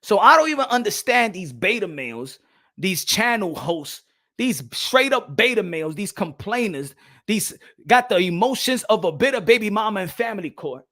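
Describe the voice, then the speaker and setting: A man hosting a boxing channel, ranting loudly and profanely in heated commentary while talking straight to his viewers. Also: sits high, big pitch swings, normal speed.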